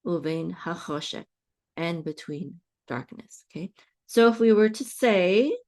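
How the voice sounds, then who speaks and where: Slow, patient woman teaching Bible Hebrew. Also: fairly low pitch, animated, a little mellow. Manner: patient, checks in with "okay?" often, restarts phrases.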